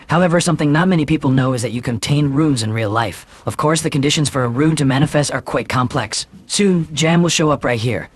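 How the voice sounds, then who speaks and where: Husky fast-talking male narrator. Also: medium pitch. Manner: brisk and matter-of-fact. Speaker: recap narrator. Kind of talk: scripted story narration.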